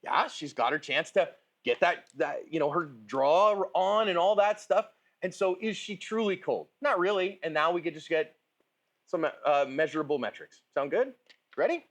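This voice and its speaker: A man's voice: a little high, normal speed, fairly bright tone. Chatty man coaching on a range. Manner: chatty, informal, asks "right?" and "okay?" often. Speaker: firearms instructor. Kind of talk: casual range instruction. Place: shooting range.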